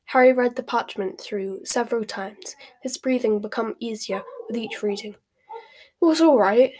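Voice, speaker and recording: A woman's voice: fairly high pitch, moderate pace, darkish tone. Woman reading a storybook aloud. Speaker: audiobook reader. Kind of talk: storybook narration.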